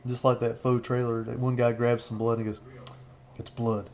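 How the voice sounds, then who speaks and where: A man's voice: mid-range voice, monotone, fast talker, darkish tone, slight background noise. A man in his thirties rambling through a casual film commentary as a channel host, chuckling often between remarks.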